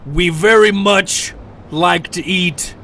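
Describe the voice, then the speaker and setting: Man doing a chummy streetwise griffin, bright gravelly voice, calls everyone boss. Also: high voice, slow, slight background noise, voice pushed up, full character voice. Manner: slangy, calls people boss.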